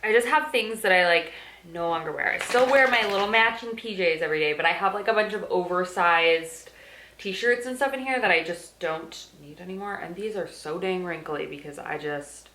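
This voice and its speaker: A woman's voice: on the low side, moderate pace, pushed and bright. A woman vlogging in casual chat at home, chatty and candid, with loose fillers, filmed on a handheld phone. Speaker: daily vlogger. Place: at home, sorting a dresser. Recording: echoey room with faint noise.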